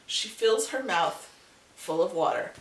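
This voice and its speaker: A woman hosting her channel, telling a folk tale in a casual, animated way with chatty asides. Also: mid-range voice, unhurried. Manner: animated, repetitive storytelling with asides. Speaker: channel host and storyteller. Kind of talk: casual storytelling vlog. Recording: echoey room, distant mic, faint hiss.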